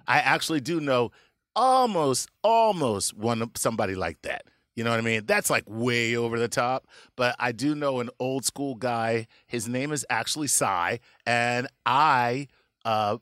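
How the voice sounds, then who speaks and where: Middle-aged guy hosting a comedy podcast, bright voice, super animated, dry close sound. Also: medium pitch, no echo. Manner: animated storyteller, laughs often, slips into voices. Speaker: podcast host. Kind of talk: casual comedic chat.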